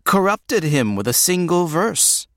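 A man's voice: high-pitched, big pitch swings, a little slow, no echo, clean studio sound, voice pushed up, heavily acted. A man voicing a jovial man in his forties who warns his friend with a smile. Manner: jovial, warning tone. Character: wry middle-aged male scholar, cautious.

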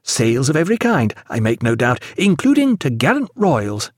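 A learned ship's doctor, played by a male reader, formal and easily carried away with wonder. His pitch leaps about widely. The sound is close and dry. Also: wildly swooping pitch, a little fast, breathy edge, no echo, heavily acted.

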